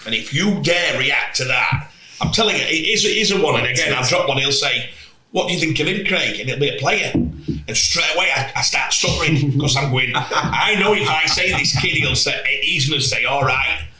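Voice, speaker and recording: A man's voice: fairly high pitch, moderate pace, reverberant, noisy background. A man telling stories in casual podcast chat, acting out quotes. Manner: animated storytelling with acted-out quotes.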